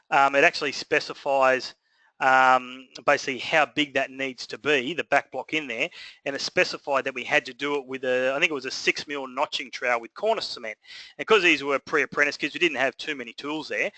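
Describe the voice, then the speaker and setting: A man's voice: mid-range voice, pushed and bright, no room sound, poor audio. A man with an Australian accent teaching a trades lesson in a rambling, conversational way with many fillers. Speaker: building trades instructor. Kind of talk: casual recorded lesson.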